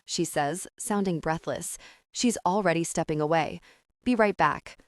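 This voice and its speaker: A young adult woman reading a first-person romance audiobook with a steady, calm and expressive delivery. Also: lowish voice, no room sound, studio quality. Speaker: audiobook narrator.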